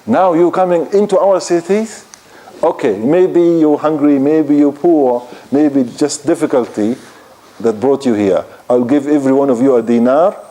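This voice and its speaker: A proud old-time Persian general bargaining and coaxing, his voice pitched up a little and rounded and mellow, as a male lecturer acts him out. He sounds like a figure retold from the pulpit of a lecture, not a drama. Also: normal speed, natural voice. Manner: coaxing, offering bribes.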